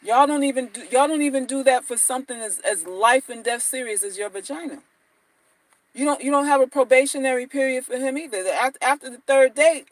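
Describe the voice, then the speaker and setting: Blunt high-voiced woman vlogger. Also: fairly quick, poor audio. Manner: blunt, slangy, repetitive, mocking. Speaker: dating advice vlogger. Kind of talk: casual monologue to viewers.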